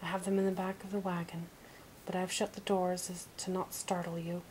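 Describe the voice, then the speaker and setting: A woman's voice: lowish voice, flat delivery, a little fast, a little mellow, slight background noise, close to an everyday voice, poor audio. A woman voicing a grumpy, scornful little male troll in a nasal, barking manner, as whispered role-play. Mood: sneering. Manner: barking, bossy, sneering.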